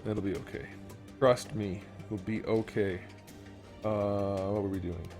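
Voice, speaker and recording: A man's voice: lowish voice, steady tone, measured pace, darkish tone, faint music behind. A man hosting a casual modeling tutorial, rambling and thinking aloud while he works. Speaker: YouTube host and 3D modeler.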